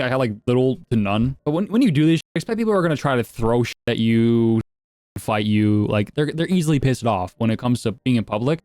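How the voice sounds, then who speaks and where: A man's voice: medium pitch, darkish tone, no echo. A young man casually telling crude prank stories, swearing often and laughing at his own jokes. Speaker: commentator. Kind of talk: casual storytelling.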